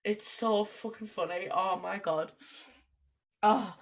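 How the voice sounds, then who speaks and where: A woman co-hosting a podcast in casual chat, animated, swearing freely and laughing often. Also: medium pitch, slow. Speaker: podcast co-host.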